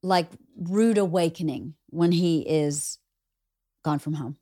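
A middle-aged woman hosting a casual chat show, asking questions and reflecting in a relaxed way. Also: deep voice, takes it slowly, no echo, clean studio sound. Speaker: podcast host.

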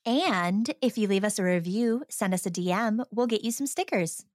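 A woman's voice: mid-range voice, normal speed, darkish tone, no room sound, clean studio sound. A woman co-hosting a podcast, casual and easygoing, reacting to her partner's story. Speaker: podcast co-host.

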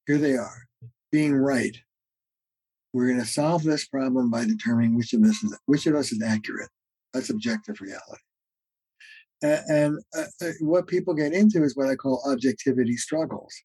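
A man with a husky, mellow voice speaks as a therapist guest in a podcast interview. He explains concepts earnestly and in a teaching manner, often pausing on "uh." He sometimes acts out both sides of a couple's argument. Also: medium pitch, no room sound, poor audio.

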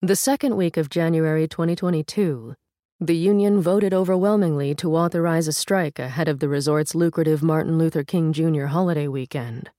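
A woman reads a feature story aloud in a calm, measured way. Her voice sits low, and the recording is dry and close, with no room sound. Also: no echo. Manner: measured, steady reading with a first-person reporter voice. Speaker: narrator of an audio article. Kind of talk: scripted narration.

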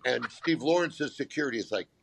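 A man's voice: medium pitch, animated, fairly quick, gravelly, fairly bright tone, dry recording. A man in casual conversation, a guest comedian telling rambling, self-deprecating anecdotes with frequent restarts. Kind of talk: casual storytelling chat.

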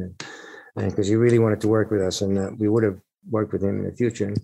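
Gravelly finnish-born rock singer guy, middle-aged, rambling anecdotes, laughs a lot. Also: lowish voice, fairly even intonation, quick pace, dark tone, slight background noise, low-quality recording. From Finland. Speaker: rock singer, interview guest. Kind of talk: casual storytelling interview.

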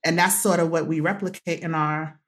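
A woman's voice: deep voice, flat delivery, fairly quick. A woman guest telling a personal story in conversation, emphatic, repeating phrases for stress and laughing often. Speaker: guest, activist and author.

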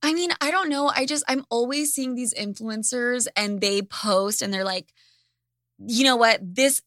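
A woman hosting a podcast in casual chat, ranting in an animated, profane way. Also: a little high, moderate pace, no room sound, studio quality. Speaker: podcast host.

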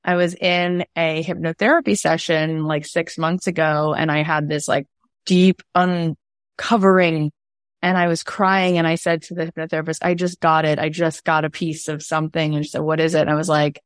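A woman's voice: low voice, little pitch movement, normal speed, clean tone, no echo, studio quality. A woman hosting a candid podcast conversation, telling stories animatedly, laughing and acting out quotes. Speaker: podcast host.

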